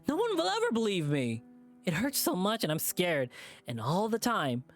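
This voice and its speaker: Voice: mid-range voice, smooth, close to an everyday voice. A visual novel streamer voicing a frightened young male lynx who stammers and breaks down while recalling a trauma. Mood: distraught. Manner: shaky, halting, breaking into sobs.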